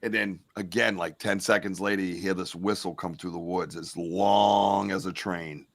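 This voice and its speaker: A man hosting a podcast, telling an outdoor encounter in an animated way and swearing when he gets worked up. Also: low voice, normal speed. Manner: animated, swears and yells when retelling scares. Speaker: podcast host. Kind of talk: casual storytelling interview.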